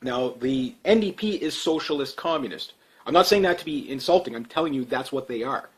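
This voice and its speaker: A man's voice: mid-range voice, lively intonation, fairly quick. A man giving a casual, rambling political rant to his channel's viewers, sarcastic, with chuckling asides. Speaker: political commentary vlogger.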